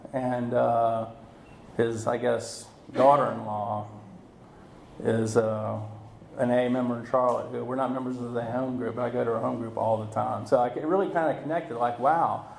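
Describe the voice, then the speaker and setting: A man speaking at a recovery meeting, telling his story in a halting way, full of fillers and restarts. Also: mid-range voice, creaky, a little mellow, slight background noise. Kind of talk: personal recovery talk. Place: meeting room. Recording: echoey room recording.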